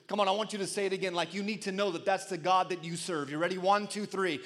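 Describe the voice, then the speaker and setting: Man, pastor, high voice, sermon, call-and-response, emphatic shouted peaks. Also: steady tone, fast talker, few pauses.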